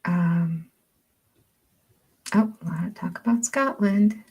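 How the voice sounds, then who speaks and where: A woman's voice: fairly low pitch, slow, creaky, a little mellow, husky. An older woman hosting a livestream, chatting casually, reading viewer comments aloud and laughing often. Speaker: livestream host.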